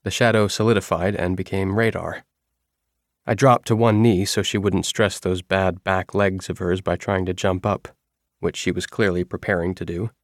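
Deep-voiced male audiobook narrator. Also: level tone, moderate pace, no room sound, studio quality. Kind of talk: first-person novel narration.

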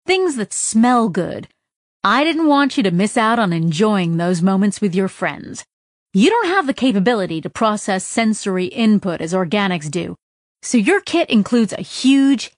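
A woman's voice: medium pitch, no room sound, clean studio sound. A woman reading a storybook aloud, voicing a cheery message hidden in a user manual, enthusiastic and salesy.

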